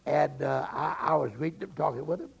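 Preacher guy, super gravelly and husky, slow drawn-out storytelling, bit high for a man. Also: low-quality recording. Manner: slow, drawn-out, emphatic phrasing. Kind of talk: storytelling sermon.

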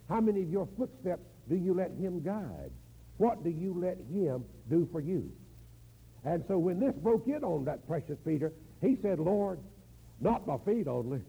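Gravelly, lively older male preacher. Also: sits high, poor audio. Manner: folksy, storytelling with drawn-out slow emphasis. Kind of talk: sermon.

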